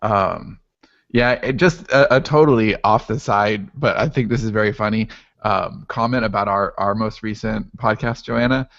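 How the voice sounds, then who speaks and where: A man co-hosting a podcast in relaxed chat, easily amused and quick to laugh. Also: lowish voice, no room sound, dull audio. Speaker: podcast host.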